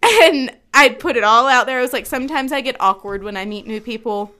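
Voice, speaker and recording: A woman co-hosting a casual podcast chat, telling a story in an animated, self-mocking way and laughing often. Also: on the high side, brisk, slight background noise. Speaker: podcast co-host.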